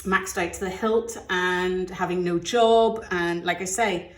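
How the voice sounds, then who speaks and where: A woman's voice: on the low side, fairly even intonation, measured pace. Chatty middle-aged British woman, roomy sound. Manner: chatty, candid, gets emotional. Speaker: budgeting vlogger. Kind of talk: casual chat while counting cash.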